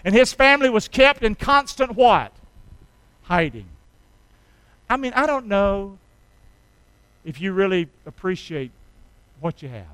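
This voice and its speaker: High, bright-voiced preacher calling to his congregation. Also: sing-song, unhurried, pauses often, clean tone, no echo, poor audio. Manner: call-and-response preaching, prompting the congregation to answer; swings from soft and low to sudden loud shouts. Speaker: pastor. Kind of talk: sermon.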